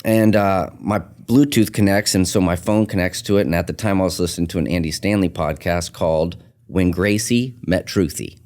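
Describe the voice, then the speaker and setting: Very low-voiced man telling a story. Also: moderate pace, few pauses. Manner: earnest, animated retelling with quoted dialogue. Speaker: tattoo artist and shop owner, guest. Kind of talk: casual storytelling in a podcast interview.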